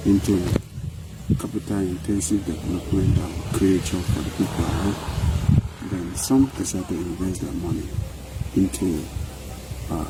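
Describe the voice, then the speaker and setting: A middle-aged Nigerian man, a company head and farmer, speaking earnestly and emphatically with repetitive, speech-like phrasing, outdoors on a farm. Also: low-pitched. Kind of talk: on-site interview monologue. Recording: outdoor noise with passing vehicles.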